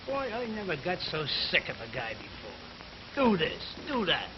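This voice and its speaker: Bigoted construction worker, sneering slang, high animated voice, dull noisy old radio. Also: male voice, moderate pace. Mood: resentful. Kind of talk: 1940s radio acting. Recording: dull old radio recording, faint noise.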